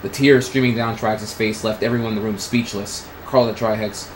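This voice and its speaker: A man's voice: lowish voice, fairly even intonation, moderate pace, slight background noise, rough recording. A man streaming, reading crude fan fiction aloud in a comedic way. He often laughs and stumbles over the words. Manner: breaks into laughter, crude and casual.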